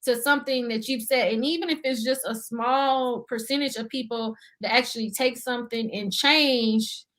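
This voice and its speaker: A woman's voice: fairly high pitch, steady tone, normal speed, fairly bright tone. A young adult woman, a guest on an interview show, talking earnestly about budgeting in casual chat, full of fillers. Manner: earnest, talkative, many fillers and "you see what I'm saying".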